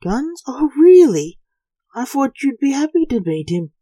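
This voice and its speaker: Blunt male necromancer, sarcastic, slow, dry close sound, woman reading. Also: medium pitch, darkish tone, no room sound, lightly acted, low-quality recording. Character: sarcastic grown son, a necromancer.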